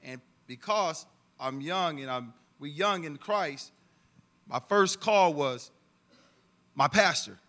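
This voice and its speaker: Man, church testimony speaker; earnest, preachy, high-pitched. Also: lively intonation, slow pace, pauses often, bright, forceful tone.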